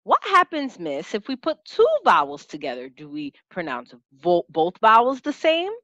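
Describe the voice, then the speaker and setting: A woman voicing a curious young student who asks the teacher questions in a high, questioning tone. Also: huge pitch swings, moderate pace, pushed and bright, no room sound, muffled recording. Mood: puzzled.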